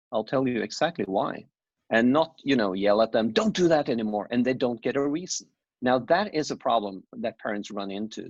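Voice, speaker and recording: A man's voice: medium pitch, husky, no echo. A middle-aged divorced father giving frank, opinionated views in casual conversation. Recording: dull, dry lo-fi sound.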